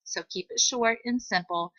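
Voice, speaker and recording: A woman teacher giving a patient, step-by-step screen-recorded software tutorial on a computer microphone, with "um" fillers. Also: medium pitch, normal speed, no echo, dull audio.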